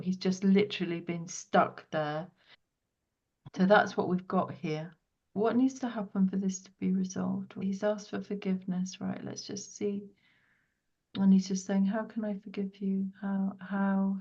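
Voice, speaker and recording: A woman hosting a podcast, talking a client through an intuitive reading in a soft, earnest way that drops to a hush as she relays what she senses. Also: medium pitch, fairly even intonation, moderate pace, dull audio. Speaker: podcast host and property healer.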